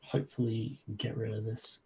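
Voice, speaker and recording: A man's voice: lowish voice, a little fast, vocal fry, background noise. Easygoing man running a tabletop game. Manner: relaxed, chatty, cursing mildly at stream problems. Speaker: game master.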